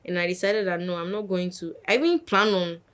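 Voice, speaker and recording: A young woman, a podcast guest telling a lively story and acting out what others said. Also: fairly low pitch, a little fast, clean tone. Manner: animated, acts out quotes of others. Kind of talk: casual storytelling.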